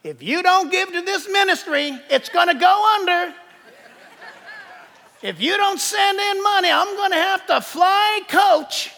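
A man voicing a greedy male TV preacher with a Southern accent, shouting and pleading for money. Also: very high-pitched, unhurried, pitched above the performer's own voice, full character voice.

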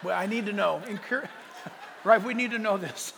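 A man preaching a sermon, animated and joking, slipping into playful voices for the characters he describes. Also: high voice, moderate pace, creaky, noisy background. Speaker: pastor. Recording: hall reverb.

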